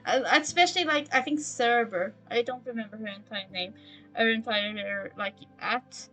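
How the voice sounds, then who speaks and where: A young German woman with a high, bright voice, speaking English with a German accent. She rambles and teases herself as she streams a building game. Soft game music plays behind her voice. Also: rough recording. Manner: rambling, self-mocking, talks to chat. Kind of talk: casual live-stream chat while gaming.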